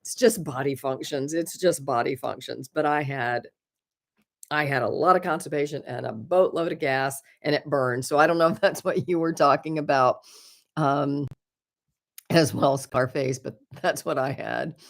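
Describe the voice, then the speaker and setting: A woman's voice: deep voice, normal speed. A woman hosting a live stream, chatting candidly and earnestly with viewers, often laughing at herself and offering encouragement. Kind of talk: casual chat answering viewer comments.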